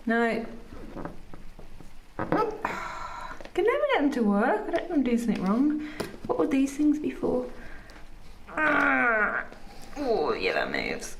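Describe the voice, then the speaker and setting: A chatty woman vlogger talking straight to her camera with a high, bouncy voice that swings all over its range. She coos playfully at the animals she looks after. Faint noise sits behind her. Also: wildly swooping pitch, slow, vocal fry, pauses often. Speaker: vlogger and pet sitter. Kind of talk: casual vlog chat.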